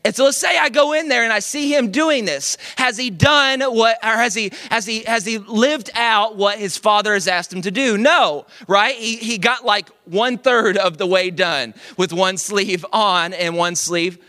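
A young male pastor preaching into a microphone with a high, bright, forceful voice. He keeps it conversational and animated, tossing in casual asides and checking in with the congregation as he goes. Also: measured pace, few pauses. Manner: conversational, animated, with frequent "like" and "right?". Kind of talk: sermon. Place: church service. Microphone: speaking into a microphone.

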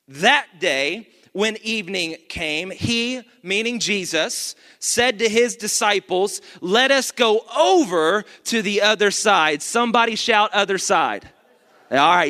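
A male pastor giving an energetic sermon, reading scripture and calling out to the congregation. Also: high-pitched, a little slow. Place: church. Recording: long church reverb.

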